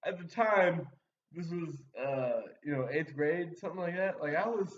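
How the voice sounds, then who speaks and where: A man's voice: fairly high pitch, normal speed. A young man telling a story in casual chat, rambling with many fillers and frequent laughter. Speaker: podcast guest storyteller. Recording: muffled sound, distant from the mic.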